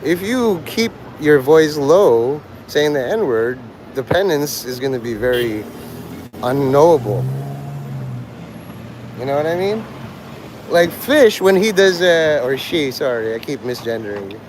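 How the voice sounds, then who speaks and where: Man, higher voice, crude provocative joking, outdoor street livestream, faint traffic noise. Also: expressive, unhurried.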